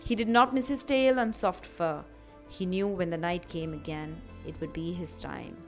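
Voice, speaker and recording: A woman tells a children's legend for a kids' radio show, her narration expressive and lively. Soft music runs faintly beneath her voice. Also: on the low side, moderate pace. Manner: expressive, warmly animated storytelling.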